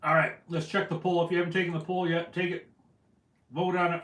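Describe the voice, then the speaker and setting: A man's voice: high voice, flat delivery, fairly quick, fairly bright tone. A man hosting a casual fishing livestream, reading out viewer comments in a rambling, self-deprecating way. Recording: echoey room, voice from afar.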